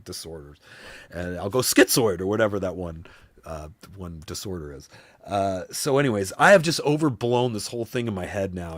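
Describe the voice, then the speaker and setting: A man hosting a live stream, telling a long story to his chat in a rambling, animated way, swearing freely and acting out other people's voices. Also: lowish voice, no room sound. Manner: rambling, animated, swears a lot, often says "you know what I mean".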